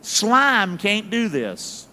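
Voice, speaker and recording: A middle-aged pastor preaches in a large church, his high voice carrying a long reverb through the hall. He talks slowly, repeating phrases and calling on the congregation to respond. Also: sing-song, sharp tone, slight background noise. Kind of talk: sermon.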